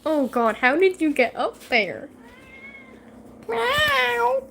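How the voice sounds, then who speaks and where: A woman's voice: sits high, expressive, measured pace, a little hiss or hum. A woman vlogging at home in casual chat to camera, swearing and teasing her cat.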